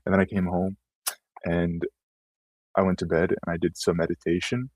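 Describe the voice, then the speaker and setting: Male guest, very low and husky, loose rambling delivery, dry sound. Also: flat delivery, moderate pace, darkish tone, no echo, poor audio. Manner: rambling, trailing storytelling. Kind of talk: casual conversation.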